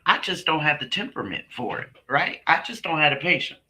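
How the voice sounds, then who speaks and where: A man hosting a casual live stream, chatting with viewers and laughing often, with big swings in pitch. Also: big pitch swings, pushed and bright. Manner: slow, drawn-out delivery with big pitch swings.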